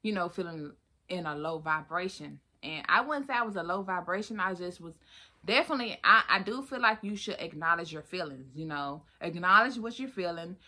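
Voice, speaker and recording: A woman hosting her own podcast in a casual solo chat, animated and expressive, calling listeners honey and baby. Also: lowish voice, brisk. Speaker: podcast host.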